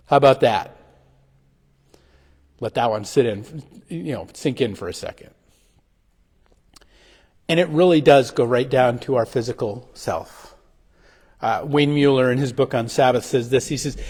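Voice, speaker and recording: Halting pastor in a reverberant church. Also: male voice, medium pitch, darkish tone, husky. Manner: halting, full of restarts and fillers. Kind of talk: sermon reflection. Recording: livestream with long hall reverb.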